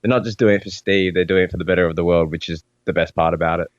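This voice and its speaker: A man's voice: low-pitched, very fast, no room sound, muffled recording. A young man in his twenties, a musician guest, chatting easily and saying "like" a lot. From Australia. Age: 20s. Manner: relaxed, lots of "like", easygoing. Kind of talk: casual interview chat.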